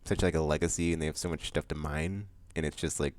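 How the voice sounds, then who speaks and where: A man hosting his monthly vlog, chatting loosely with lots of fillers, restarts and bursts of excitement. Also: a bass voice, quick pace, no echo. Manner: excitable outbursts about upcoming games. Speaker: vlog host. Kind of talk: casual rambling monthly vlog chat.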